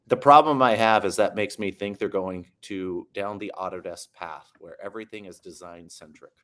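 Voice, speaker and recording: A man's voice: sits low, normal speed, fairly bright tone. A man co-hosting a panel chat, giving blunt, opinionated views.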